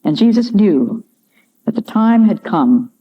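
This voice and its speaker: An older woman giving a devotional talk, telling stories in a measured, earnest way. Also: medium pitch, very animated, slightly rough. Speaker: Christian speaker. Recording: dull lo-fi recording.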